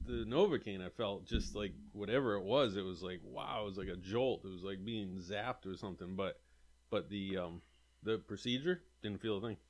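A man's voice: on the low side, normal speed. A man in casual chat who rambles through his stories, fills them with "like" and acts out what people said. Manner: rambling, full of "like", acts out quotes.

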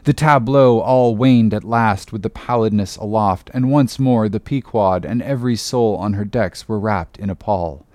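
A man reading a classic novel aloud in a measured, dramatic narration. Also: on the low side, a little mellow, dry recording. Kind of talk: audiobook narration.

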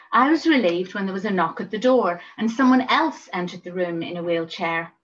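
A woman telling a personal memoir, reflective and often dropping softer on asides. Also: on the low side, muffled recording. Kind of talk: memoir storytelling.

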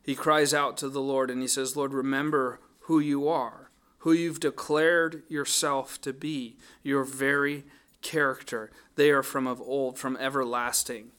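A man's voice: mid-range voice, level tone, a little slow, fairly bright tone, clean tone. A man preaching a sermon, earnest and thoughtful, often restarting his phrases as he works through a psalm. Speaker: pastor.

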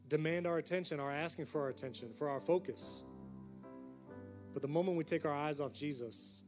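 A man preaching a sermon as a pastor, earnest and dropping to a hush on quiet passages. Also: fairly high pitch. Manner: earnest preaching, drops to a hush for quoted whispers.

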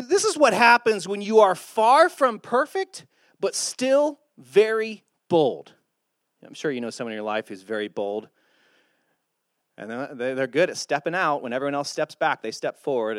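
A man preaching a sermon, animated and acting out the lines he quotes. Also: fairly high pitch, a little fast, no echo, clean studio sound. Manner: animated, acts out quotes in voices. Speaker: pastor.

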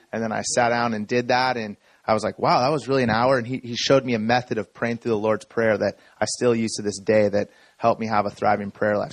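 A man in his thirties giving an energetic, story-driven sermon talk to a room full of people. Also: on the low side, no room sound. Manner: energetic storytelling, self-described talker. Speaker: speaker. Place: room with audience.

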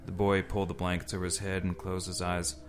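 A man's voice: deep voice, monotone, fast talker. Man reading a spooky story to friends. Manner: reads aloud with asides and laughs. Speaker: podcast host. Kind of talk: casual storytelling among friends.

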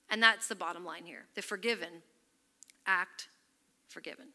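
A woman's voice: fairly low pitch, normal speed, long pauses, sharp tone. A woman pastor preaching an earnest sermon, emphatic at times and dropping almost to a whisper when she quotes scripture.

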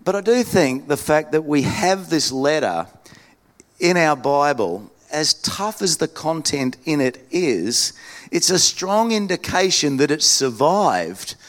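A man with an Australian accent preaching a sermon in a relaxed, storytelling way, often restarting his sentences. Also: mid-range voice. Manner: conversational, self-deprecating storytelling with frequent restarts. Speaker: pastor.

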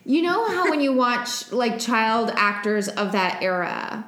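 A woman's voice: fairly high pitch, sing-song, measured pace, a bit bright, echoey room. A woman co-hosting a podcast, chatting casually with many fillers and laughs. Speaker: podcast co-host. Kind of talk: casual chat.

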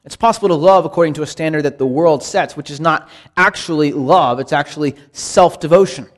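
A man teaching a Bible study in a conversational sermon style, earnest and emphatic, with lively rises when quoting scripture. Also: a little high, fairly quick.

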